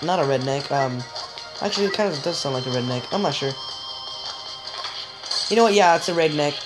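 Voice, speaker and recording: A woman giving joking, excitable let's-play commentary, chatting straight to viewers and letting out sudden high yelps. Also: quick pace, pauses often, rough recording. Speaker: gamer. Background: game music.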